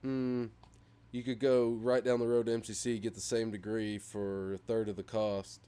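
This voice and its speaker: A man's voice: fairly low pitch, moderate pace, clear, resonant tone. A young man co-hosting a podcast, chatting casually and rambling with lots of fillers. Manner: rambling, filler-heavy, animated when retelling memes. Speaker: podcast co-host. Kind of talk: casual chat.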